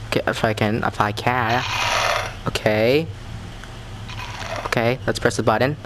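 A man rambles through a let's play of a horror game at an ordinary middle pitch, jumping from casual chatter to startled outbursts. A faint hum of ambience sits behind his voice. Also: a little slow, long pauses. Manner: excitable, jumpy reactions and rambling asides. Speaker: gamer.

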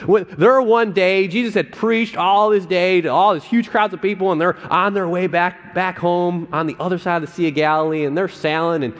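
A male pastor preaching a sermon in a conversational, animated way, often checking in with "right?" and "okay?". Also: high voice, normal speed, hardly any pauses. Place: church sanctuary. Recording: long church reverb.

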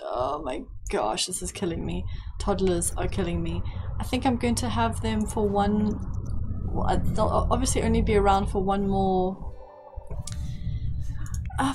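A young woman giving chatty, excitable commentary while playing a life-sim game, often squealing in delight. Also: mid-range voice, background noise. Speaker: gaming YouTuber. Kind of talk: gameplay commentary.

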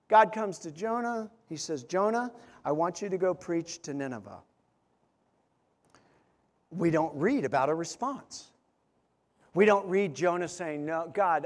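A pastor preaching a sermon, telling stories and acting out quotes, building to loud emphatic peaks. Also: male voice, high voice, sing-song, a little slow. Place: church sanctuary. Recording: long hall reverb.

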